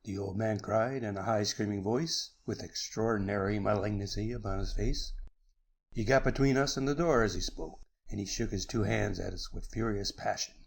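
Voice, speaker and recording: A man's voice: moderate pace, creaky, slightly rough. A man voicing an irascible elderly professor in an audiobook, stiff, cold and suspicious. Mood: screaming rage. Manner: stiff and haughty, rising to high screaming rage. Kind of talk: audiobook character reading.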